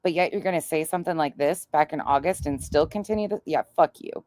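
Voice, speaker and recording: A woman with a low voice talks over the clips she plays, blunt, profane and ready to fight. Her sound is dry and close, with no room around it. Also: fast, a little mellow, no echo. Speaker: commentary channel host. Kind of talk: angry commentary over played clips.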